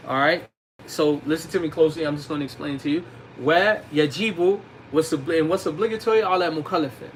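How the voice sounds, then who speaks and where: A man teaching a religious class to young students in a relaxed, slangy way, mixing recited Arabic phrases into his English explanations. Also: fairly high pitch, quick pace, slight background noise, poor audio. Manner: colloquial, slangy, addresses youths directly.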